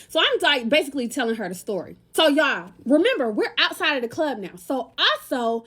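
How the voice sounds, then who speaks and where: A young woman from the United States tells a story to her viewers in a chatty, casual way. Her voice sits high, and she keeps the talk loose and full of slang. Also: expressive, brisk, hardly any pauses, a bit bright. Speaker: lifestyle content creator.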